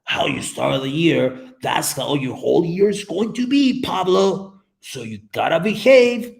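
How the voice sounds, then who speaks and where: A man voicing his strict mother's nagging advice in his own gravelly voice. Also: a little high, animated, measured pace. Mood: stern.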